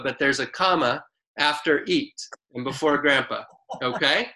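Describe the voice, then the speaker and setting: A man preaching a sermon in a relaxed, conversational way, reading scripture slowly and deliberately. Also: on the high side, poor audio. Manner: unhurried, conversational preaching with a few restarts. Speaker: pastor.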